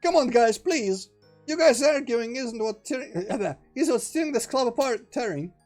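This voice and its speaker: A man voicing a sweet, cheerful teenage girl who pleads in a high, tearful voice. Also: animated, fast talker, dark tone, faint music behind. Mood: pleading.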